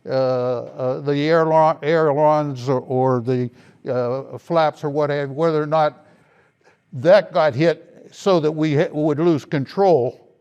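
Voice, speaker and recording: Older man with a smooth voice, recollecting. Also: fairly high pitch, fairly even intonation, darkish tone, lo-fi sound. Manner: slow, reflective storytelling. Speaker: interviewee, veteran. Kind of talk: oral history recollection.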